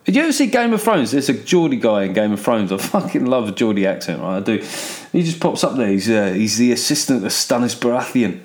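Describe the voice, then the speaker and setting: An English man hosts his podcast on his own, swearing freely as he rambles. He is sardonic and sounds unscripted, with a middling pitch. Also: very animated, brisk, hardly any pauses, a little mellow. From England. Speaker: podcast host. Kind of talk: casual solo podcast monologue.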